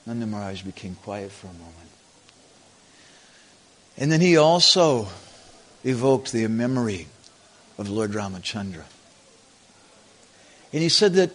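Slow, deliberate male devotional storyteller. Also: lowish voice, very animated, fairly bright tone. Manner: slow, deliberate, chants scripture verses. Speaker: storyteller preacher.

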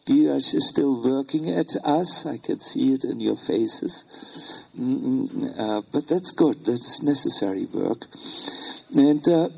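Slow, gravelly older German man. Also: mid-range voice, animated, rough recording. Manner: slow, hesitant with many fillers. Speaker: spiritual teacher. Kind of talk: informal talk to retreat group.

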